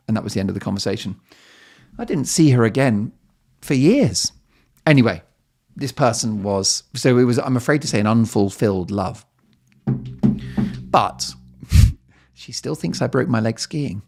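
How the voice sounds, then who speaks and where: A man's voice: medium pitch, expressive, unhurried, vocal fry, long pauses, a little mellow. A middle-aged man hosting a solo podcast, telling stories in a chatty, self-mocking way with playful asides. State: slightly lightheaded. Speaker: podcast host. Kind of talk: casual solo podcast monologue.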